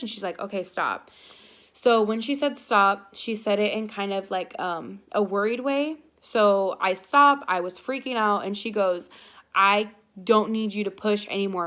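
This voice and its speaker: A young woman speaking casually to her viewers at a mid-range pitch for a woman. She tells a personal story in a loose, chatty way, full of fillers and little restarts. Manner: chatty, filler-heavy, animated retelling. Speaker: vlogger.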